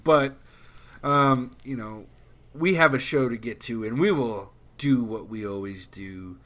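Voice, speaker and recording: A man hosting a casual podcast, easing into the segment with relaxed filler-heavy talk. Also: mid-range voice, measured pace. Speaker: podcast host. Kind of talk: casual chat.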